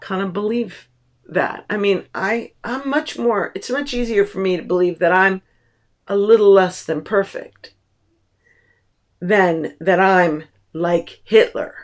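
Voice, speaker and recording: A woman teacher giving a lecture on a book, explaining slowly and deliberately with pauses, recorded at home. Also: mid-range voice.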